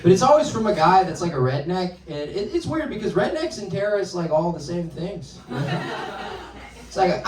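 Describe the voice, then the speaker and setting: A young man doing stand-up in a club, his slightly high voice carrying through a roomy space. Loud laughter from the crowd keeps breaking in. He rambles in a self-deprecating way and acts out the voices he quotes. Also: animated, fairly quick, recorded from a distance. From North Carolina, USA. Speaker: stand-up comedian. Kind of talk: stand-up comedy set. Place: comedy club with a laughing audience.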